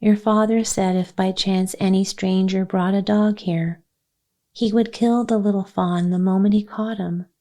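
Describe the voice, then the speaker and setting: A woman voicing a calm, kindly grown woman who cares for children and speaks quietly and comfortingly in a bedtime storybook. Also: mid-range voice, unhurried, natural voice.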